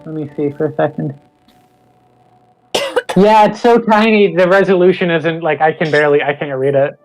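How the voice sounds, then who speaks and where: A man's voice: on the high side, normal speed, faint music behind, poor audio. Playful man chatting over a remote call. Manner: playful, joking asides, frequent "like" and restarts. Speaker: co-host joining remotely. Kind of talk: casual livestream chat.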